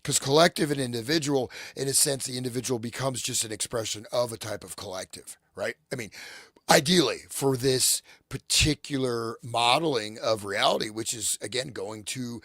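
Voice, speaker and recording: A man's voice: mid-range voice, normal speed, fairly bright tone, no echo, clean studio sound. A man with a sore throat, talking in a rambling, speculative way on a remote call, often breaking off mid-sentence. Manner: rambling, speculative, self-interrupting. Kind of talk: casual conspiracy discussion. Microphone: remote call mic.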